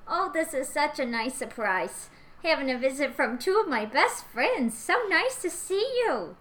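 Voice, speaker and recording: A woman's voice: high voice, very animated, measured pace, a bit bright, pitched above the performer's own voice, exaggerated voice, poor audio. A woman voicing Georgina, a sweet and lonely older woman who fusses over her guests. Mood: fussing.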